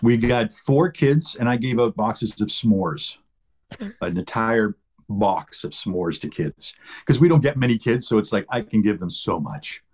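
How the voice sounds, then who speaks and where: A man's voice: lowish voice, lively intonation, measured pace, a little mellow, slightly rough. A middle-aged man, a guest actor in a casual interview, telling easygoing, chuckling anecdotes.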